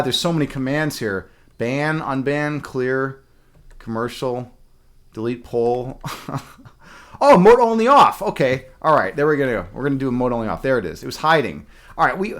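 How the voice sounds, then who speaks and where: A man's voice: a little high, fairly bright tone. A man live-streaming and chatting casually, a chess instructor who rambles with many fillers and restarts and laughs often.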